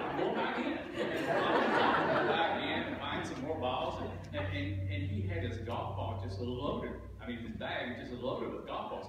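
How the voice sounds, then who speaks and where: A man's voice: mid-range voice, very noisy. A man giving a eulogy, telling a folksy golf story with chuckles. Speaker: eulogy speaker. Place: church sanctuary. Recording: echoey room from a distant mic.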